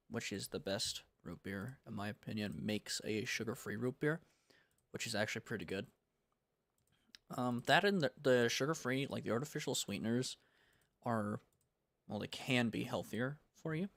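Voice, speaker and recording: A man's voice: on the low side, moderate pace, fairly bright tone, dry recording. Laid-back young American man streaming. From United States. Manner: rambling, laid-back, slangy. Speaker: game developer streaming. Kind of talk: casual livestream chat.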